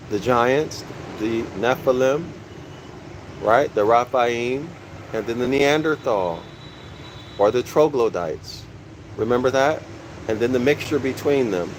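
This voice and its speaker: A man's voice: medium pitch, noisy background. A man giving a teaching lecture from a book, repeating key phrases and asking his listeners questions, calling them "y'all".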